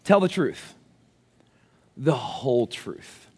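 A man in his thirties, a pastor, giving a sermon with animated, self-deprecating stories. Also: medium pitch, slow, breathy edge, big-room sound. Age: 30s.

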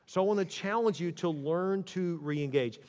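A man with a slightly higher voice preaches a casual, conversational sermon to his church. He often lowers his voice to a gentle hush when he plays out a spouse's words. The recording carries the long ring of a big hall. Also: moderate pace. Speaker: pastor.

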